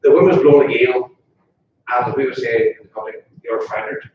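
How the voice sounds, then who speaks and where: A man's voice: mid-range voice, fairly quick, slight background noise. Man, northern irish accent, informal funeral eulogy, chatty, jokey, asks the mourners questions, heard from afar, dull muffled sound. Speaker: funeral officiant. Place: funeral parlour chapel. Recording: distant, echoey, dull room recording.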